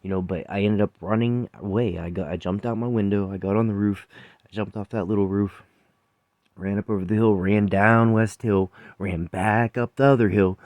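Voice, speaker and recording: Chef, male, very low voice, blunt swearing storyteller, rambling delivery, dry sound. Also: dry recording. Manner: blunt, profane, rambling with laughs. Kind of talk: personal storytelling monologue.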